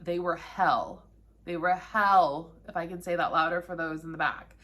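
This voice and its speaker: A woman's voice: sits low, fairly even intonation, fairly quick, sharp tone. A woman in her thirties telling her own story to camera in a candid, conversational way that is often emotional. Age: 30s. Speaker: vlogger sharing her own cancer story.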